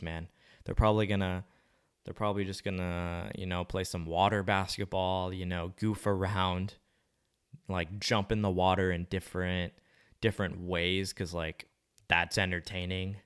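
A man's voice: deep voice, fairly bright tone, smooth. A young man rambling casually to the camera, musing in a slangy, laid-back way with plenty of swearing.

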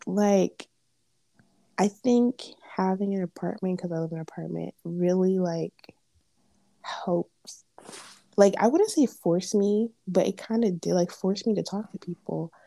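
A young woman co-hosts a casual chat podcast. Her warm, mellow voice sits close and dry on the mic. She chats with playful, quick asides. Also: fairly low pitch, fairly even intonation, creaky, dry recording. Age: young adult. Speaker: podcast co-host.

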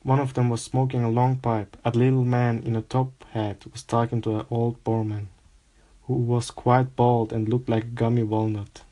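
A man reading a novel aloud in a steady, unhurried way. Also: medium pitch, dull audio. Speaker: reader.

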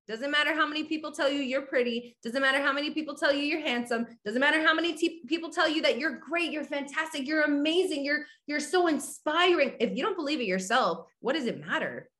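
In a high, slightly bright voice, a woman hosts a podcast, delivering a casual pep talk. She talks bluntly and frankly with the odd casual swear word, addressing her audience directly to ask whether they agree.

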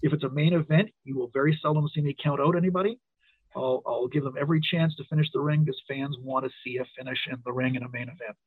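A middle-aged wrestling referee telling stories in a casual interview, animated when he quotes others. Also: medium pitch, fast talker, breathy edge, no room sound. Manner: storytelling, animated quoting. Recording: tinny phone-like line.

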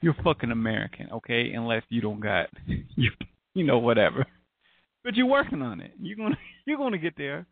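A man's voice: mid-range voice, very animated, a little fast, creaky, no room sound. A man hosting a casual group chat, talking loosely and profanely and laughing often. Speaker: podcast host. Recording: tinny phone-like line, dry.

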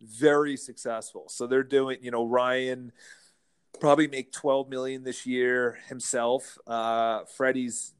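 A man, a real estate broker, telling stories as a guest in a casual interview, lively and laughing as he goes. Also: medium pitch, slow, clean tone. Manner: animated, acts out quotes, laughs while telling stories.

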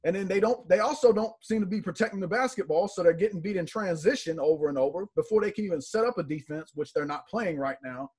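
Husky-voiced man breaking down basketball. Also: high-pitched, fast talker, hardly any pauses. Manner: animated, emphatic, repeats words for stress. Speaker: sports podcast co-host. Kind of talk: sports analysis chat.

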